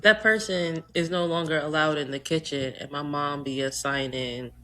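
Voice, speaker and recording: A Trinidadian American woman co-hosting a podcast in casual chat, animated and joking, swearing freely. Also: sits low, normal speed, slight background noise. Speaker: podcast co-host.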